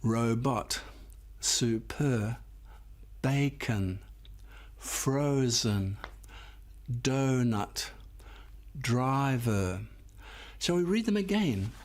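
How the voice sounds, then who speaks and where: Guy teaching phonics real slow, patient, voice goes up and down a lot, praises the kids. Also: mid-range voice, animated. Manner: patient, sounds words out deliberately, praises the class. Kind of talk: slow, clear classroom instruction.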